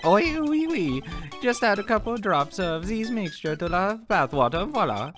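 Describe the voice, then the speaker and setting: A man's voice: sits high, very animated, moderate pace, fairly bright tone, faint music behind, voice pushed up. A man voicing a flamboyant male French restaurant owner in a put-on mock French accent, gushing and theatrical. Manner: theatrical, gushing, sing-song.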